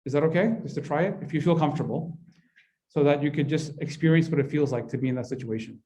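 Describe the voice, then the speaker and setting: A man's voice: fairly high pitch, fast, mellow. A man leading a parenting workshop in a mosque hall, talking conversationally and often checking in with the audience. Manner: conversational, keeps asking the audience "right?". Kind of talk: interactive workshop talk.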